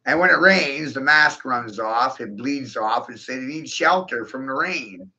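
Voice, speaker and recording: A man's voice: medium pitch, animated, unhurried, pushed and bright, lo-fi sound. A man delivering a rambling, profane monologue, breaking into laughter often and talking with intensity. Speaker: video host.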